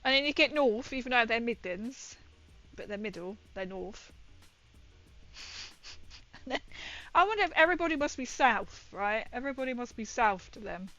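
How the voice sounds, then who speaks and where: A woman's voice: on the high side, animated, normal speed, long pauses, sharp tone, muffled recording, soft background music. A woman chatting casually as she paints miniatures, rambling and swearing now and then. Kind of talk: casual chat while painting.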